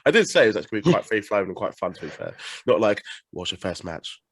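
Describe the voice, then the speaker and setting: Lively English podcast host. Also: male voice, on the low side, racing, husky, dry recording. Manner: teasing, mock-offended. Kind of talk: casual podcast interview.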